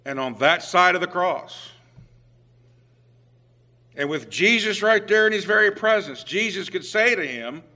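A middle-aged man delivers a sermon in a loose, conversational manner, stumbling and restarting, dropping low and then rising to emphatic points. His voice sits a little high and has a bright, forceful edge. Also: lively intonation, a little slow, long pauses. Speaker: preacher.

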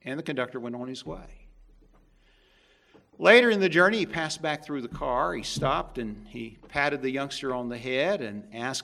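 Gravelly, bright-voiced male preacher. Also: medium pitch, expressive, normal speed. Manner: emphatic, swings between loud stresses and hushed asides. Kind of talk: sermon.

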